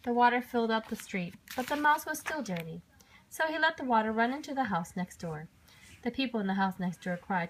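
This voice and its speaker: Gentle woman reading a bedtime story. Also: on the high side, lively intonation, brisk. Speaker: parent reading aloud.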